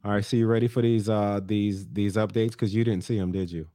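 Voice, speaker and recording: A man's voice: lowish voice, steady tone, fairly quick, warm tone, no echo, clean studio sound. A man co-hosting a podcast, chiming in playfully with jokes and slang. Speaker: podcast co-host. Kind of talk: casual podcast chat.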